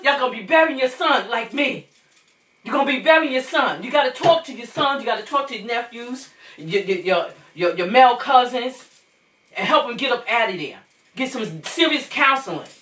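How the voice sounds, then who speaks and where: High, bright, urgent woman preaching to viewers. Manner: preachy, repetitive, urgent, emphatic. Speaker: channel host, grieving mother. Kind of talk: impassioned monologue to viewers. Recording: echoey room, distant mic.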